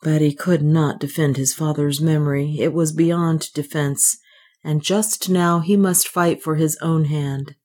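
A measured audiobook narrator with a middle-pitched voice. The reading is steady and even, delivered as scripted narration.

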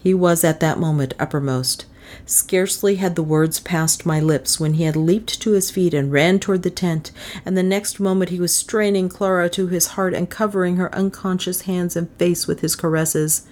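A woman reading a classic novel aloud as an audiobook narrator, in a measured, even storytelling manner. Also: lowish voice.

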